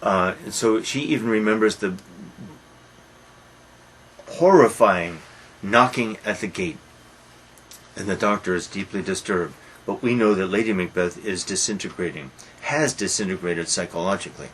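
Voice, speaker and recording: A man with a lowish voice lectures on a play in a musing, emphatic way. He slows down and drops to a soft, low delivery when he reads quoted passages. A faint hiss runs under his voice. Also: low-quality recording. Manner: musing, emphatic, reads quotations slowly and softly. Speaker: literature lecturer.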